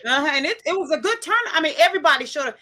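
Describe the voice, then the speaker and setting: A woman hosts a loose group conversation, her voice high and bright. She tells stories with laughter and swoops through her range. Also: racing. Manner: animated, laughing storyteller. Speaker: host. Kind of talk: casual group chat.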